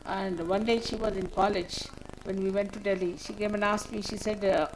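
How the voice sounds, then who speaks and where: A woman's voice: mid-range voice, fairly even intonation, normal speed, slight background noise, poor audio. An older woman, a spiritual teacher, giving a spoken talk to a gathering in a motherly, scolding way, often repeating short commands.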